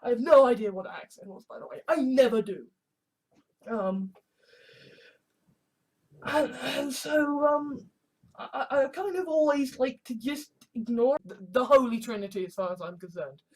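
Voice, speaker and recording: A video essayist with an extremely high-pitched voice delivers a casual vlog monologue at an unhurried pace, pausing often. He stammers, repeats "I" over and over, stutters and repeats himself frequently, and swears freely.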